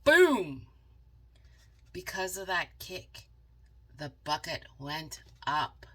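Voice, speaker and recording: A woman reading a picture book aloud as a channel host, dramatic and animated, stopping for chatty asides to viewers. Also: low-pitched, slow, a little hiss or hum. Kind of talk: storybook read-aloud with asides.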